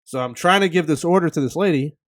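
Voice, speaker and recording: A man in his thirties with a slightly higher-than-average voice hosts a podcast and spins a comedic story. He sounds exasperated and animated, and he slips into the voices of the people he's complaining about. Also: fast. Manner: animated, exasperated, acts out other people's lines. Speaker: podcast host.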